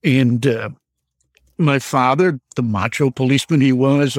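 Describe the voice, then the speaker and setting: This caller, a seventy-something man from Michigan, shares a ghost story from when he was young, speaking in a measured, unhurried way broken by frequent "uh" pauses. The recording of his middle-range voice is close-miked and dry.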